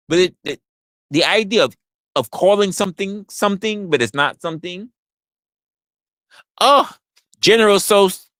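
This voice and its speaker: Brief: male podcast host, loud opinionated rant, profane, repetitive, animated pitch, dead-dry mic. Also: dry recording. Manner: profane, emphatic, repeats himself.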